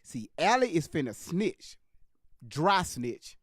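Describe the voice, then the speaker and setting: A man's voice: fairly high pitch, big pitch swings, takes it slowly, a bit bright, slightly rough, no room sound, studio quality. A man hosting a live stream, commenting on a clip with emphatic, repetitive direct address to his viewers.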